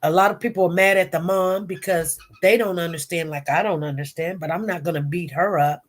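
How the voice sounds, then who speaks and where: Speaking fairly low and briskly with fairly even intonation, a woman hosts a casual commentary livestream. She's got a cold, coughs occasionally, and talks directly to her viewers and chat in a chatty way.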